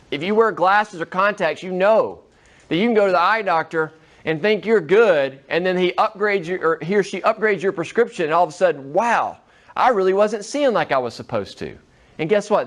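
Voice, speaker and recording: Male teacher in a classroom with a slightly high voice. Casual lecturing style, keeps checking in with the class. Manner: conversational, checks in with students often.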